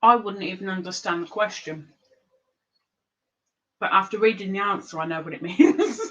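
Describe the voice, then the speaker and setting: A woman's voice: mid-range voice, moderate pace, fairly bright tone, low-quality recording. Chatty woman hosting a stream game. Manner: chatty, talks with her mouth full while eating. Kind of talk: casual live-stream chat.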